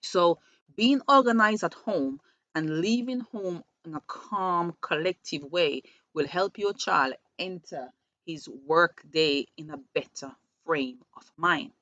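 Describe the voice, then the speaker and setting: A woman with a fairly low voice talks earnestly to parents, often repeating a word before she finds her phrasing. Her voice comes across dull and lo-fi in a dry recording. She sounds like someone who works with children giving practical advice. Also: takes it slowly, fairly bright tone, no echo. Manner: earnest, repeats words when restarting. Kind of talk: advice talk.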